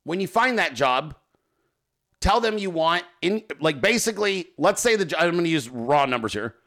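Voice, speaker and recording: Male podcast host, casual and profane, jokey, lively swooping delivery, fairly high voice, a tense, sharp edge to the tone. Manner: profane, joking, quick to laugh.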